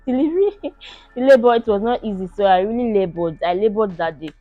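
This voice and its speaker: A young woman vlogger tells her own birth story to the camera, animated and casual, laughing often and acting out the shouts and pleas. Her mid-range voice is brisk, with no echo, through narrow, tinny audio.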